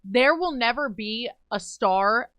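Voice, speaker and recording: A woman's voice: on the high side, animated, takes it slowly, a bit bright, no echo. A young woman in casual chat, opinionated and talkative. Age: young adult. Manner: opinionated, chatty.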